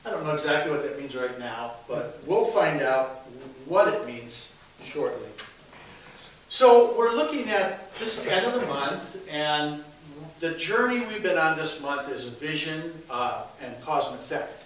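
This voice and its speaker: A man's voice: fairly high pitch, lively intonation, measured pace, fairly bright tone. A man giving an informal sermon with jokes, rambling with many fillers and restarts, recorded from a distance in an echoey hall with faint hiss. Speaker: minister giving a talk. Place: church meeting hall.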